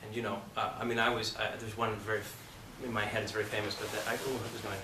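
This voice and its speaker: A man's voice: lowish voice, flat delivery, fast talker, background noise. A man teaching an acting class, talking casually in a blunt, profane and emphatic way. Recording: roomy, from a distance.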